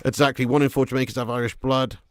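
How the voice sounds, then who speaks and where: Chatty English football streamer, dry close mic. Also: male voice, mid-range voice, fast talker, clear, resonant tone, no echo. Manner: chatty, laddish, swings from mumbling to excited bursts. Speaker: football watch-along host. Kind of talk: live-stream chat reading comments.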